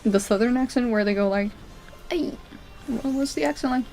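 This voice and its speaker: A woman's voice: on the high side, fast, warm tone, soft background music. A young woman from Portugal, a live streamer chatting casually with her viewers while she plays a video game. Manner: chatty, answering chat, often laughing and trailing off.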